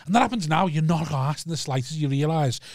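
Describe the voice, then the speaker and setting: A man telling a swearing, animated story in casual chat. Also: on the high side, fast, vocal fry, no echo, clean studio sound. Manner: animated, laughs often, acts out other people. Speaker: comedian and former taxi driver.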